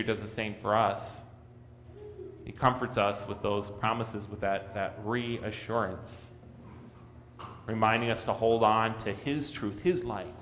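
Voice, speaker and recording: A man preaching a sermon, earnest, rising for emphasis and dropping to a soft hush. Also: long reverb tail, slight background noise. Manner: earnest, rises in pitch and volume for emphasis, drops to a soft hush. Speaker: pastor.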